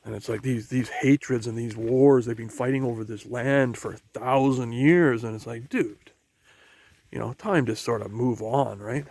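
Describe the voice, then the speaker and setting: A man from Canada talking as he walks outdoors along a marsh trail, musing in a halting way with many restarts. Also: medium pitch, gravelly, darkish tone, dry recording. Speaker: vlogger. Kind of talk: rambling walk-and-talk vlog.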